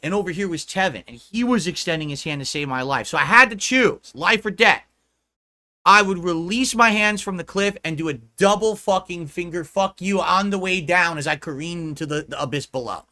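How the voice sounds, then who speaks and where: On a livestream, a man rants at his critics, swearing and mocking them. His slightly high voice is bright, forceful, and combative, at a normal pace.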